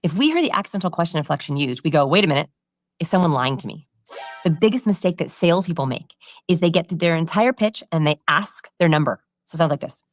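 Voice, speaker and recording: A woman with a low voice explains body language and vocal cues as a podcast guest. She talks quickly and confidently, teaching through examples. The recording is dry and close. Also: expressive, dry recording.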